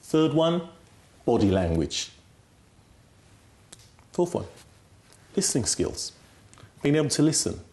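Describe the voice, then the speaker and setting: A man's voice: a little high, sing-song, slow, long pauses, darkish tone. Emphatic man teaching communication skills. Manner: instructive, emphatic, frequent "right?" tag questions. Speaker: communication skills guest expert. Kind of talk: explaining on a TV talk show.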